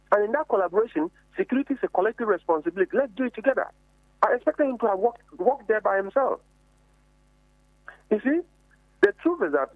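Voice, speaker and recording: An emphatic man, firing off rhetorical questions in heated political commentary. His voice sits high and swings widely in pitch. The sound is dry and tinny, like a phone line. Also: no echo. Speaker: member of parliament on a committee.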